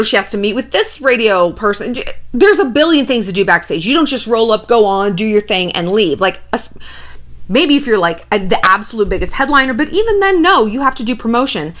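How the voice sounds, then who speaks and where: A woman doing a casual commentary vlog, chatty and profane, full of "like.". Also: on the high side. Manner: animated, profane, chatty with filler 'like'. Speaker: YouTuber commentator.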